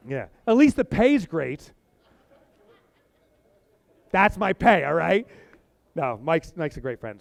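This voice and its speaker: A middle-aged man gives an energetic talk from a stage, with a high voice that swoops all over as he tells a comic story. He slips into acted-out voices for laughs, and the sound is close and dry. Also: no room sound. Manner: animated, acts out voices for comic effect. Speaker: keynote speaker. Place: stage before a live audience.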